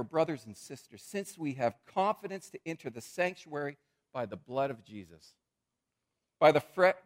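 A man preaching a sermon as a pastor, in a conversational, animated way with frequent repetitions. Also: medium pitch.

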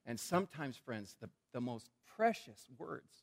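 A man preaching a sermon as a pastor, in a conversational, animated way with frequent repetitions. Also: medium pitch, a little slow.

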